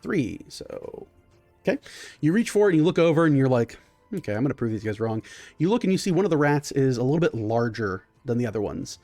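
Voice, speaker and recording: A man's voice: a little high, expressive, brisk, darkish tone, soft background music. Loose, vivid man narrating as game master. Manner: vivid, loose storytelling with many fillers. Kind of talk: improvised tabletop game narration.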